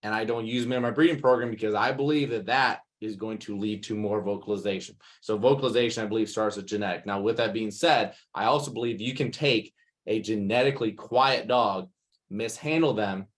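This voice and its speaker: Male dog trainer, animated explainer, quick bursts of acted-out scenes. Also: on the low side. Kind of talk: masterclass Q&A answer.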